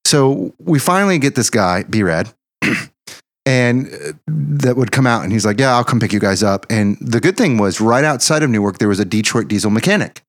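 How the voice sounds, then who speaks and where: Brief: male musician telling road anecdotes, profane and animated, dry sound. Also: medium pitch, moderate pace, dry recording. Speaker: band member telling tour stories. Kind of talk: casual storytelling chat.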